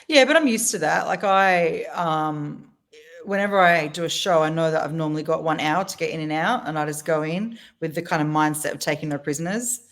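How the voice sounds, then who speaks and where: A middle-aged woman with an Australian accent chats casually as a guest, her voice sitting a little low. She tells lively stories, laughs easily and acts out quotes. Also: a little fast. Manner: chatty storyteller, laughs often, acts out quotes. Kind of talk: casual chat.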